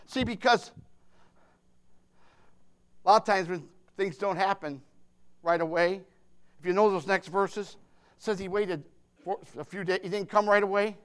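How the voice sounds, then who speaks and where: A man preaching a sermon without notes, swinging from loud shouted declarations to soft, hushed reassurance, with lots of repetition and emphasis. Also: high-pitched, moderate pace, long pauses. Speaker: pastor. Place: church.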